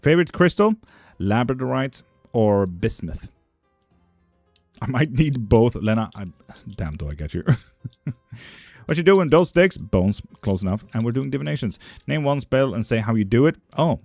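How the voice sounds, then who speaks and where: A man's voice: mid-range voice, expressive, normal speed, gravelly, darkish tone, dry recording, soft background music. Teasing, dry-humored male stream reader. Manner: reads chat questions aloud in a lifted voice, then answers dry and teasing. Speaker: live-stream tarot and bone reader. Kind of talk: casual live-stream chat, answering viewer comments.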